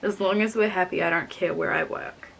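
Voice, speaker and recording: A woman reading aloud the lines of a manipulative young husband who guilts his wife in a soft, calm, pleading way. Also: fairly low pitch, brisk, vocal fry. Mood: guilting.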